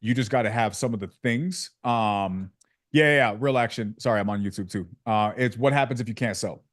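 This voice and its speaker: A man's voice: fairly low pitch, brisk, no room sound, studio quality. A man hosting a sales community on a video call, joking and slangy with lots of fillers. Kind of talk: casual coaching chat on a video call.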